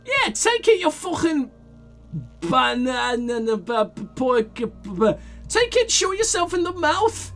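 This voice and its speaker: A man's voice: big pitch swings, slow, a bit bright, soft background music, heavily acted. A man voicing a foul-mouthed, taunting street kid in a video game, jeering and hurling insults. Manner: shrill, jeering, hurls insults.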